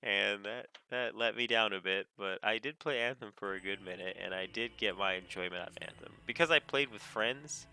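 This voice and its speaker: Gravelly low-voiced man ranting. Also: normal speed, few pauses. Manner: rambling, animated, laughs often. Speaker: gamer vlogger. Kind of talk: casual rant. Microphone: desk mic. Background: faint game music.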